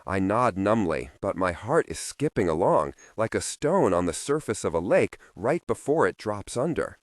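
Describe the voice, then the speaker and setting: Low-voiced male audiobook narrator. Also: sing-song, normal speed, few pauses, no echo, studio quality. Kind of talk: first-person audiobook narration.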